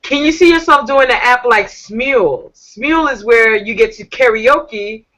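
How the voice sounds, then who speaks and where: A woman hosts a live online chat in a bright, forceful voice. She talks with sass and animation, reading viewers' messages aloud. Her voice comes through a laptop or phone mic on a video call. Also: on the high side, lively intonation, measured pace, poor audio. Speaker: talk show host. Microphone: computer or phone on a video call.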